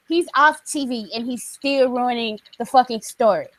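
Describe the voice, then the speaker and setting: A woman's voice: on the high side, normal speed, no echo, low-quality recording. A woman co-hosting a casual wrestling podcast, ranting bluntly and swearing freely. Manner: blunt, profane, animated ranting. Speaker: podcast co-host.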